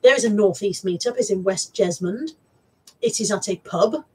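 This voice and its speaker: A woman with a Bristol accent chats casually on a live stream as she shows off her thrift haul, rambling, repeating words, restarting, and reading out viewer comments. Her mid-range voice is slightly rough at normal speed, and the recording quality is low.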